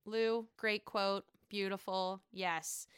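A woman's voice: mid-range voice, level tone, takes it slowly, fairly bright tone, clear, resonant tone, dry recording, clean studio sound. A woman giving a casual, gossipy recap of a reality show and breaking into put-on voices when she quotes people.

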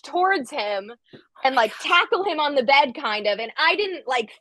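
A woman telling a story in casual podcast chat, animated and full of "like" fillers, acting out the quotes. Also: sits high, moderate pace. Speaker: guest storyteller.

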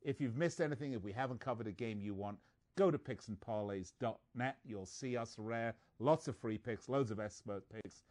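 A man's voice: mid-range voice, a little mellow. Joking man reading betting stats. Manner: joking, reads stats quickly. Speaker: sports betting podcast host. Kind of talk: casual sports betting chat.

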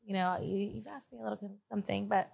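A woman's voice: medium pitch, steady tone, fast, gravelly, darkish tone, slightly rough. A woman hosting an interview show, chatting casually and cutting in with blunt jokes. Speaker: host.

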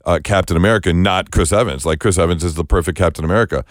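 A man's voice: low voice, rapid-fire, dry recording, clean studio sound. A man co-hosting a podcast, sharing movie trivia in casual chat with playful disbelief. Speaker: podcast co-host.

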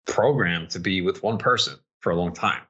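Radio host, lower male voice with a bright edge, blunt offhand casual chat. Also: normal speed, muffled recording.

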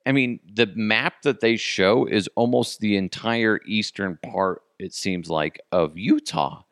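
A man's voice: fairly low pitch, animated, measured pace, fairly bright tone, no echo, clean studio sound. A man hosting a podcast, talking casually and rambling offhand, with frequent restarts. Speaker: podcast host. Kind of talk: casual solo commentary.

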